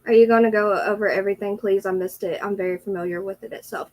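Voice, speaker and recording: A woman's voice: medium pitch, steady tone, fast, a little mellow, poor audio. A woman hosting a casual livestream, teary with a runny nose, greeting her viewers one by one. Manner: greets viewers by name, chatty. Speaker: livestream host.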